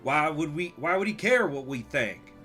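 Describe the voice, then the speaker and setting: A man's voice: fairly high pitch, animated, normal speed, bright, forceful tone, faint music behind, voice pushed up. A man voicing a blunt, unimpressed man president asking curt, incredulous questions.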